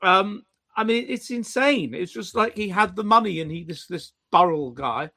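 A man co-hosting a casual chat, animated and mocking, with frequent stammering restarts. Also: high-pitched, normal speed. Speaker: podcast co-host.

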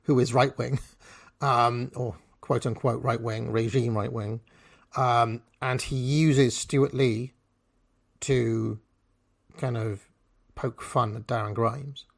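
Sardonic man, gravelly voice. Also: medium pitch, fairly even intonation, slow pace. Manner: sardonic, swearing, chatty asides. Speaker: YouTube commentator. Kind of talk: casual video commentary. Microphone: cheap microphone instead of his usual one.

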